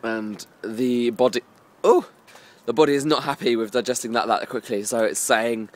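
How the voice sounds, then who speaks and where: Tipsy young guy vlogging, hiccups, rambly and self-mocking, middle pitch. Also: normal speed. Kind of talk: casual vlog to camera.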